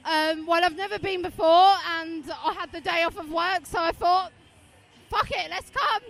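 A woman's voice: very high voice, level tone, normal speed. A woman at a street parade, bubbly and a little flustered in a street interview. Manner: bubbly, giggly, a bit flustered. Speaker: parade attendee.

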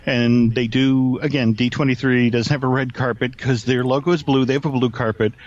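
A man's voice: medium pitch, steady tone, a little fast, lo-fi sound. A man, a guest expert, telling long casual anecdotes full of fillers and restarts. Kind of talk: casual podcast storytelling.

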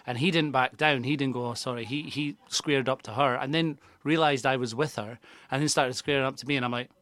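A man's voice: mid-range voice, fairly even intonation, brisk, a bit bright, no room sound. A Scottish man, a guest on a comedy podcast, telling rambling anecdotes with swearing in casual chat.

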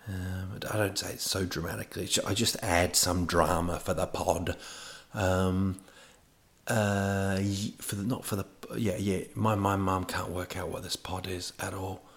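A man's voice: deep voice, level tone, measured pace. A man hosting a podcast, telling a rambling comic monologue full of digressions and self-mocking asides. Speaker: podcast host.

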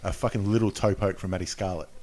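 Very deep-voiced man, wry. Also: steady tone, fast, darkish tone. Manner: laid-back, wry asides. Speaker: podcast co-host. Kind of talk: casual chat.

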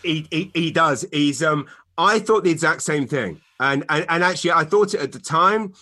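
A man co-hosting a podcast, chatting casually and telling animated stories full of fillers and restarts. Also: fairly high pitch, normal speed, no room sound. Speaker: podcast co-host. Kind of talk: casual chat. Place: home in Canada.

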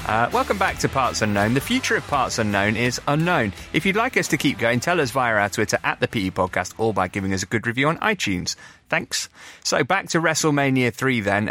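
A man hosting a wrestling podcast, playful and lively, switching between casual chat and reading an ad. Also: mid-range voice, no room sound. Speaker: podcast host.

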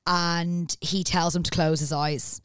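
Low-pitched woman co-host, chatty plot recapper, smooth tone, dry close sound. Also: little pitch movement, takes it slowly, no room sound. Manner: chatty, recaps plot at length with acted-out quotes. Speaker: podcast co-host recapping a TV episode. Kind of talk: casual chat.

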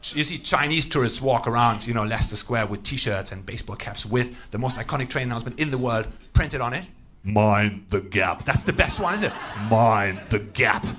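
A man with a German accent doing stand-up, with deadpan build-ups and mock-formal announcements. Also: mid-range voice, fast talker, hardly any pauses, slight background noise. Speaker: stand-up comedian. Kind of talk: stand-up comedy set.

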